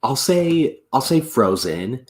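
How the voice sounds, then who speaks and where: A young adult man, a podcast guest, chatting in a relaxed, laid-back way with lots of filler words. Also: mid-range voice, takes it slowly. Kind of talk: casual podcast chat.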